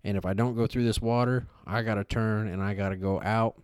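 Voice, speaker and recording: A man's voice: lowish voice, a little fast, smooth, no echo, clean studio sound. A man, co-hosting a podcast and telling a story in casual chat, swearing a lot and filling his sentences with "like". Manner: animated storytelling, heavy swearing, frequent fillers. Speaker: podcast co-host.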